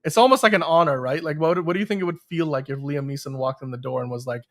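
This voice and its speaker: A man's voice: a little high, quick pace, hardly any pauses. A man hosting a live-streamed podcast, talking in a rambling casual way with many restarts. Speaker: podcast host.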